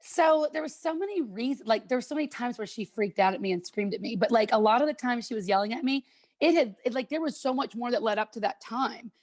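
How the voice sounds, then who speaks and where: A chatty woman talks quickly and a little high, spinning animated anecdotes on a podcast. She acts out what people said to her. The recording is close and dry. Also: no room sound. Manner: animated, chatty storyteller who acts out quotes. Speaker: former cooking show contestant, podcast guest. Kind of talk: casual podcast chat.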